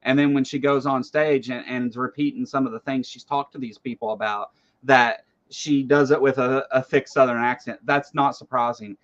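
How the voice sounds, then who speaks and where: A man's voice: medium pitch, fairly even intonation, moderate pace, a bit bright, lo-fi sound. A man hosting a livestream, giving blunt, casual political commentary and swearing freely. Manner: blunt, swears freely, reads chat aloud. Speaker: livestream host.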